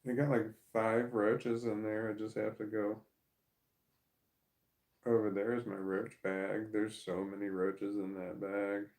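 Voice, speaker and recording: A man's voice: on the low side, flat delivery, a little slow, a little mellow, rough recording. A young adult man talking casually to camera, rambling, swearing and laughing as he goes. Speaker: vlogger.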